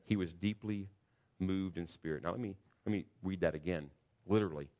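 Man, pastor, deep low voice, earnest sermon, emphatic, church. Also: brisk. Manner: earnest preaching, rising to loud emphatic passages.

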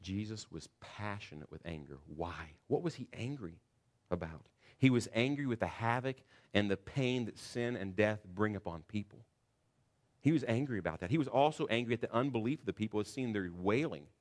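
A man preaching a sermon in a church, earnest and building to loud, emphatic passages. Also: lowish voice, animated, moderate pace. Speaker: pastor.

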